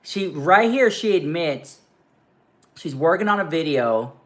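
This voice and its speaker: A man pauses a video to argue with it in casual reaction commentary, addressing his viewers directly. His voice sits a little high for a man. He talks in quick, plain bursts. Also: expressive, fairly bright tone.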